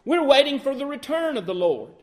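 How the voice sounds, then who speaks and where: A man preaching a sermon, earnest and emphatic, reading scripture in a measured cadence and easing into soft reflection. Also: very high voice, big pitch swings. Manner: earnest, rising to emphatic peaks then quieting to soft reflection; quotes King James scripture in measured cadence.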